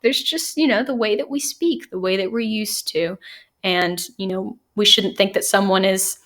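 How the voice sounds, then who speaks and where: A woman teacher talks through a novel for her class, easygoing and conversational. Her voice sits at an ordinary middle pitch and she enunciates each word clearly. She leans on "um" and "you know" as she goes. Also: expressive, moderate pace, a bit bright. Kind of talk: casual classroom lecture and chapter summary.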